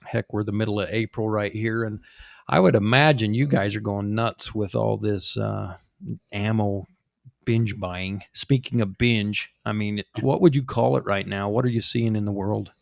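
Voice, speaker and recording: A man's voice: fairly low pitch, fairly even intonation, normal speed, gravelly, no room sound, clean studio sound. A man hosting a podcast, swapping hunting stories in casual chat, laughing as he goes. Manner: storytelling, laughs often. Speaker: podcast host.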